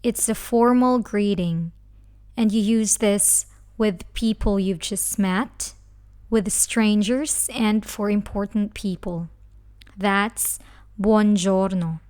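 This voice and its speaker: A woman teaching a language lesson who speaks slowly and carefully, breaking words into syllables. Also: mid-range voice, a little mellow. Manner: slow, careful, spells out syllables. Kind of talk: slow scripted lesson.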